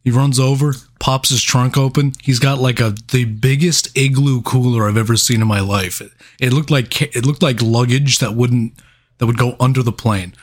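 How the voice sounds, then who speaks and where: A man's voice: mid-range voice, steady tone, moderate pace. Young man, teasing, laughing podcast chat. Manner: teasing, laughs often, swears casually. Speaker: podcast co-host. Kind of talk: casual chat.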